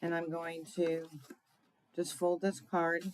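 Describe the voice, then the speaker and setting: Woman host, unhurried and a bit low-pitched, chatty live craft demo with asides to viewers. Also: completely flat delivery, a little hiss or hum, rough recording. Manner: chatty, thinks aloud with fillers and asides to viewers. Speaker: crafting demonstrator. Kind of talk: casual live craft demonstration.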